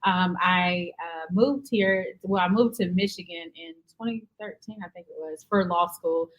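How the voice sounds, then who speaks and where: A woman from North Carolina with a Southern accent, a guest in a podcast conversation. Her voice sits a little low, and she speaks in an earnest, measured way. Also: rough recording. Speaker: podcast guest, nonprofit founder. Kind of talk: conversational interview.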